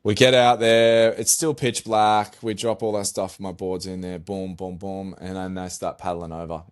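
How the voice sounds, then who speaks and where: A middle-aged man, a pro surfer guest on a podcast, telling a story in a casual, animated way, swearing and acting out his own dialogue. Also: on the low side, normal speed, clear, resonant tone.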